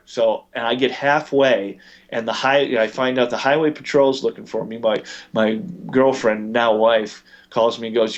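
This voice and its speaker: A man's voice: mid-range voice, steady tone, measured pace, muffled recording. A man telling long anecdotes as an interview guest, full of fillers and restarts. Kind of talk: storytelling in a podcast interview.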